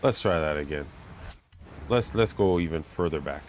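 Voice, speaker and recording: A man giving chatty, self-mocking commentary while playing a racing game, getting excited when he pulls ahead. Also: very deep voice, moderate pace. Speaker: gamer commentating his play. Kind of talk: casual gameplay commentary. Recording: game engine noise behind voice. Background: racing game car sounds.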